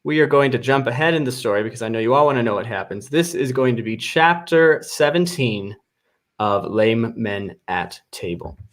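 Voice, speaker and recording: A man's voice: medium pitch, moderate pace. Guy doing improv, dry announcer bits between story chapters. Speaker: improv performer. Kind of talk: mock-announcer narration.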